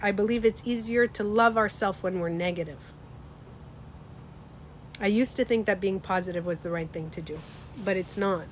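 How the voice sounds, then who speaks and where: A woman with a slightly stuffy nose, chatting casually on a livestream. She talks in an animated, emphatic way, swears freely and speaks to her viewers. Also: mid-range voice, normal speed, pauses often, a little hiss or hum. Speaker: livestreamer and beauty coach.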